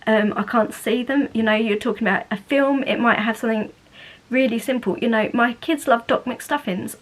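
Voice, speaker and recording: A woman's voice: fairly high pitch, normal speed, low-quality recording. A woman in her thirties from England, talking candidly to the camera in a casual vlog, chatty and full of restarts. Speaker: vlogger.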